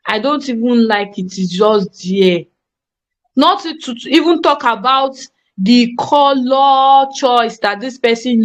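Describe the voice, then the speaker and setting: Woman, design tutor, slightly high voice, emphatic and repetitive, live online class feel. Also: highs cut off. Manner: emphatic, repetitive, checks on students.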